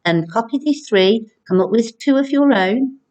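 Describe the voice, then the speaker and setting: A woman primary school teacher giving a recorded video lesson, speaking clearly and encouragingly to children. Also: fairly high pitch, animated, a little mellow. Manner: slow, clear, encouraging classroom delivery.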